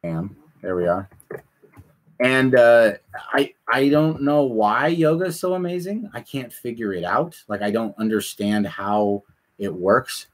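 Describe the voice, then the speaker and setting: A man hosting a casual chat, rambling and animated, often repeating himself. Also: mid-range voice, a little slow. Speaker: podcast host.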